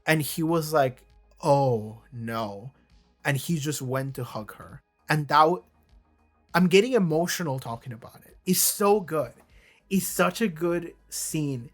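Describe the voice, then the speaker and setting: Emotional reviewer rambling over faint music. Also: mid-range voice. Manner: enthusiastic and emotional, with many restarts and swearing. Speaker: video reviewer. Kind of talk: casual monologue about a TV show.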